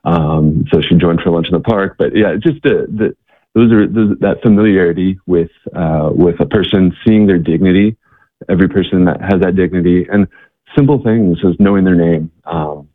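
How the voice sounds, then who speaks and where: A man telling earnest stories as an interview guest, halting with many restarts and fillers, over a phone-like line. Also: low-pitched, dry recording. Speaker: guest, missionary organization worker. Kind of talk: interview storytelling. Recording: tinny phone-like line, dry.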